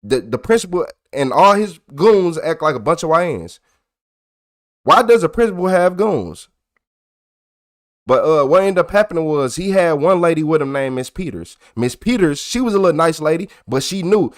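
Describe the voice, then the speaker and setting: A young man telling a story to his live chat in a casual, profane way, getting loud and worked up as he retells it. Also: a little high, lively intonation, normal speed. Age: young adult. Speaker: livestreamer.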